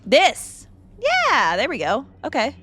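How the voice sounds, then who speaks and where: Slow, lively-voiced woman streamer. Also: fairly high pitch, a little hiss or hum. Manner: blunt, profane, joking asides. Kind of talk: casual gameplay commentary.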